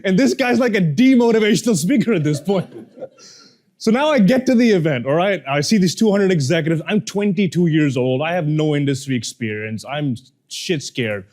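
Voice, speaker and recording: Animated storytelling man, lively pitch. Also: a little fast. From moved to Canada as a young adult. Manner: animated, quotes people in shifting voices. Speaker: speaking coach. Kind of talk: storytelling talk to a live audience.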